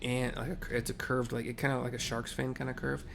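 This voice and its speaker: A man's voice: mid-range voice, little pitch movement, fast, gravelly. A man casually narrating and describing a game scene, rambling and often correcting himself.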